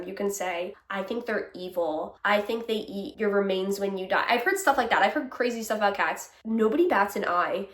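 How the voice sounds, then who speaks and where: A young woman vlogger rants candidly in a casual video, her mid-range voice sounding distant from the mic. She's exasperated, swears freely, and keeps bursting into laughter, all in an echoey room.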